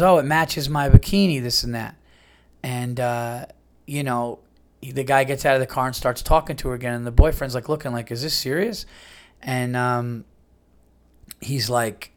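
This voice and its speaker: A man tells a story on his podcast in a loose, chatty way. He rambles, restarts and fills gaps with "like" and "you know", and his voice is mid-pitched. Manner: animated retelling with many fillers and restarts. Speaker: podcast host. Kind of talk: casual storytelling.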